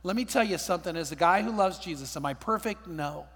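High-voiced older man preaching in a hall. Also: fast talker, a bit bright, slightly rough. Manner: storytelling, emphatic, repeats words. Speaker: pastor. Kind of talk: sermon. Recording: reverberant hall.

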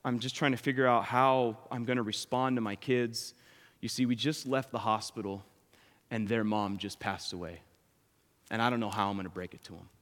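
A man playing a dazed, grieving father who stammers out an apology in a hushed, halting voice. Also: fairly low pitch, steady tone, big-room sound, voice pushed down, lightly acted. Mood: shaken.

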